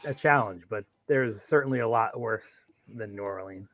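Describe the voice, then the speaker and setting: A man chiming in on a live-stream chat, easygoing and measured. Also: lowish voice, a bit bright, no echo.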